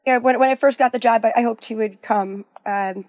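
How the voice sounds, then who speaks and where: A woman sharing a personal story in a candid, halting way, full of "like" and restarts, her voice sinking low at the sad parts. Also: fairly even intonation, no echo, studio quality. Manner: halting, full of "like" and restarts, softening to near-whispers at sad moments.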